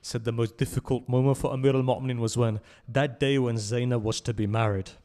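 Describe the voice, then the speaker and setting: Man, mourning sermon, impassioned recitation, mid-pitched voice, swells loud then sinks low, questions the crowd. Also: steady tone, a little fast. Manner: addresses listeners directly with tag questions. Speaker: mourning-gathering speaker. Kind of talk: emotional religious recitation. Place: religious centre hall.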